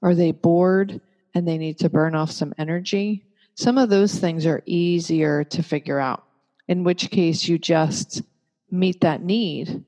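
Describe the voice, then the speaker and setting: Gentle woman teaching parents, long reverb. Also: on the low side, fairly even intonation, a little slow. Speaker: parenting educator. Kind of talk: calm teaching talk.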